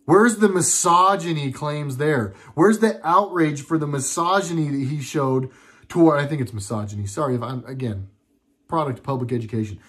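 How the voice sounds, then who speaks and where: Here a young man from the United States rants about politics in a casual monologue, his voice fairly high, a bit bright, and at normal speed. The tone is sarcastic and indignant, wandering as he goes.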